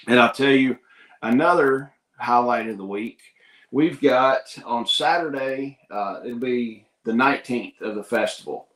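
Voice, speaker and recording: A man tells a personal story in a casual, folksy way, earnest and unpolished. His voice sits at an ordinary middle pitch. The room has a noticeable echo. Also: a bit bright. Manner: folksy and earnest, heavy on "I was like".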